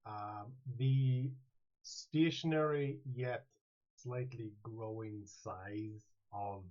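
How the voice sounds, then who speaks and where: A man's voice: mid-range voice, very slow, warm tone. A man running a tabletop game as game master, rambling and playful, often restarting his sentences, on a dull, lo-fi mic.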